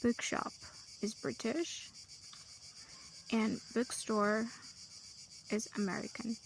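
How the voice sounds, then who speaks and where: A woman teaching English vocabulary, slowly listing word pairs one after another. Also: a little high, steady tone, vocal fry, slight background noise, rough recording. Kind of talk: vocabulary lesson.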